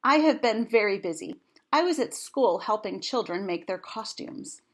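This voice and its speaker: A woman voicing an excitable, mixed-up young housekeeper in a storybook read-aloud, with high, loud exclamations. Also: normal speed. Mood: cheerful.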